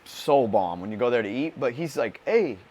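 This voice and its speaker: A man's voice: medium pitch, normal speed. An American man hosting a podcast, chatting casually, telling stories loosely and cursing often. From United States. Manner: swears a lot, loose and animated storytelling. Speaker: podcast host. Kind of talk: casual chat.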